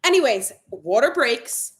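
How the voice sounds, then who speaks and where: A young woman talks casually to her viewers, telling a story and acting out what everyone said. Her voice sits a little high. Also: sing-song, measured pace, a little hiss or hum. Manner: chatty storytelling, acts out quotes. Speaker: vlogger. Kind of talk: casual livestream chat.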